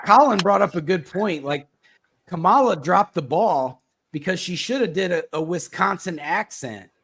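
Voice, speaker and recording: A man hosting a casual political talk show, rambling in a halting way with lots of fillers and restarts. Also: on the high side, fairly bright tone. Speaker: podcast host.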